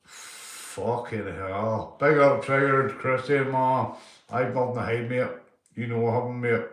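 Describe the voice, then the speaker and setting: A man's voice: medium pitch, fairly even intonation, unhurried, reverberant, far from the mic. A man of about fifty-five with a Northern Irish accent, chatting casually on a livestream, rambling, swearing and repeating himself. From Northern Ireland. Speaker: livestream host. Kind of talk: casual live chat reading comments.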